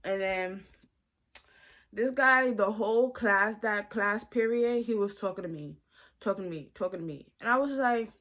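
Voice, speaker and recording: A woman in her twenties from the United States telling a casual storytime vlog into a phone camera, animated and slangy. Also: medium pitch, normal speed. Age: 20s. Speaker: vlogger.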